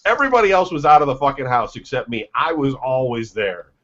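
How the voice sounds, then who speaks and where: A man's voice: mid-range voice, big pitch swings, brisk, fairly bright tone, highs cut off. A young man co-hosting a casual podcast, teasing and arguing with his co-host while recalling family stories. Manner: teasing, argumentative. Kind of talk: casual banter.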